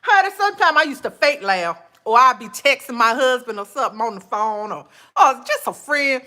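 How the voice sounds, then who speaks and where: Lady podcaster, bright high voice, swoops all over, laughing, honey this honey that. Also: brisk, hardly any pauses. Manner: animated, laughs often, calls listeners honey and child. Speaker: podcast host. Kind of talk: casual faith-based monologue.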